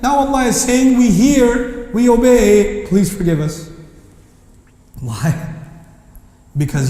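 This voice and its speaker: Impassioned preacher in an echoey hall. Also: male voice, very high-pitched, lively intonation, slow, long pauses, dark tone. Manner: impassioned, rising to indignant questions, quoting Arabic verses. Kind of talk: passionate sermon. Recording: echoey hall with long reverb.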